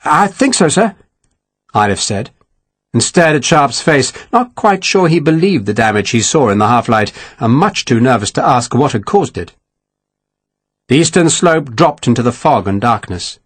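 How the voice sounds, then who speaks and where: A man narrating a historical war novel in a measured, expressive storytelling manner. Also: medium pitch, slightly rough, no room sound. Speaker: audiobook narrator. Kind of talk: scripted narration.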